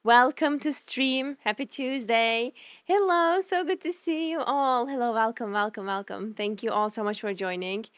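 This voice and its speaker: A woman's voice: on the high side, moderate pace, fairly bright tone, no echo. A young woman streamer greeting her chat in a bubbly, effusive way, laughing often and thanking viewers before a game stream.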